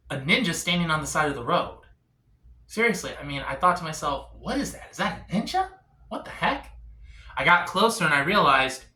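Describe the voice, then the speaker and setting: A male stand-up comic talks to a crowd in a bright, ringing voice that leaps up and down in pitch. His setups are confessional and deadpan, and the sound reverberates in an echoey room. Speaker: stand-up comedian. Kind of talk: stand-up comedy set.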